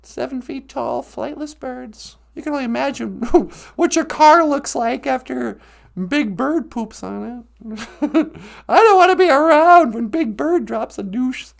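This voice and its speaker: A man doing a high, gravelly-voiced woman who drawls slowly through a livestream full of crude, giggly jokes. She rambles from one silly thought to the next, in a comedy sketch. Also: exaggerated voice. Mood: mocking.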